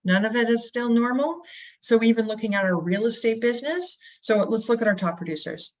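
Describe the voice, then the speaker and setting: Animated woman guest, dull lo-fi audio. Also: fairly high pitch, brisk. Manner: energetic, acts out quotes, rhetorical questions. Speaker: real estate brokerage guest. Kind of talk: animated interview talk.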